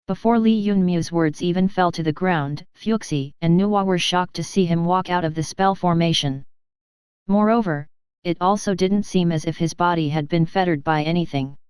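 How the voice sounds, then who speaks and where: Woman narrating an audiobook, crystal clear. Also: fairly low pitch, normal speed, darkish tone, no echo. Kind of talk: scripted narration.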